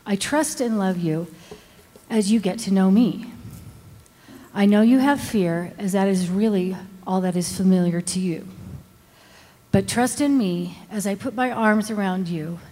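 A woman's voice: medium pitch, measured pace, dark tone. A woman from the congregation reading a personal letter aloud, nervous and earnest. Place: large church hall. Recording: reverberant hall.

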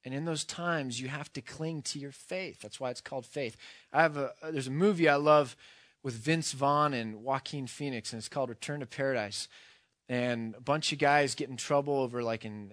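A man preaching a sermon, earnest, moving from quiet, hushed passages to loud, impassioned ones. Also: mid-range voice, no room sound, studio quality. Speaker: pastor.

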